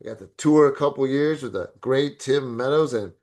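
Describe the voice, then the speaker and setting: Male podcast co-host, laughing storyteller with crude banter, mid pitch. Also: moderate pace, a little mellow. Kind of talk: casual chat.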